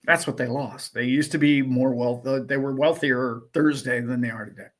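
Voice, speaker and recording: A man's voice: medium pitch, steady tone, moderate pace. A man hosting a casual livestream, talking emphatically in a ranting way and firing off rhetorical questions. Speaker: livestream host.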